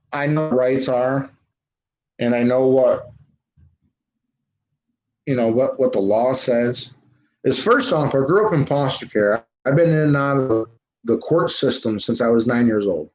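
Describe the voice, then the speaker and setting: A man's voice: medium pitch, animated, unhurried, pauses often, darkish tone. A man hosting a livestream in a casual, ranting style, hammering his points with emphatic repetition. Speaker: livestream host. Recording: roomy, dull lo-fi livestream audio.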